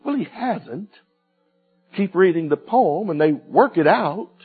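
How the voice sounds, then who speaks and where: A man preaching a sermon, swinging from loud cries to hushed, quiet lines. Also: sits high, lively intonation, takes it slowly, slightly rough. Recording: tinny phone-like sound with faint music.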